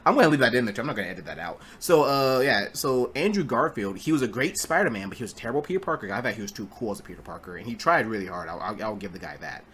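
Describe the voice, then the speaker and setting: A man's voice: medium pitch, expressive, racing, few pauses, a bit bright, slight background noise. A man giving a casual spoken film review, rambling with stumbling restarts and blunt, profane remarks. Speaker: movie reviewer.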